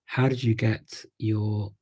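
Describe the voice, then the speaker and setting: A man with a Scouse accent hosting a live chat, answering viewer questions in a relaxed way, thinking aloud with many pauses and restarts. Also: fairly low pitch, a little hiss or hum. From Liverpool, England. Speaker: host of a live language chat.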